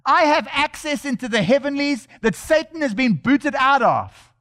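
Man preacher with a high voice, delivering an emphatic church sermon that builds through repetition. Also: sing-song, normal speed, bright, forceful tone.

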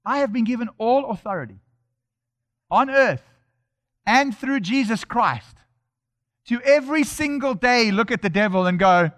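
Man preacher with a high voice, delivering an emphatic church sermon that builds through repetition. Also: lively intonation, normal speed, pauses often, fairly bright tone.

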